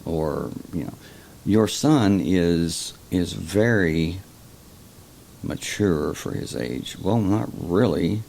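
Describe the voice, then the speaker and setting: A man hosting a casual explanatory monologue, talking slowly and haltingly, often repeating words. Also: low-pitched, vocal fry, darkish tone, a little hiss or hum. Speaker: host.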